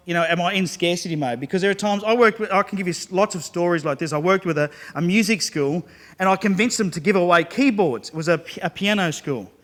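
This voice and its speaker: A man giving a lively, joking sales talk to a live audience. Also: high voice. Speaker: business speaker.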